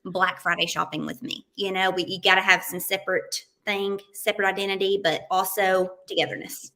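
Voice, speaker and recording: A woman guest on an interview, telling stories in a casual, animated way and acting out quotes and sounds. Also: medium pitch, a little fast. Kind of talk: casual anecdotal storytelling.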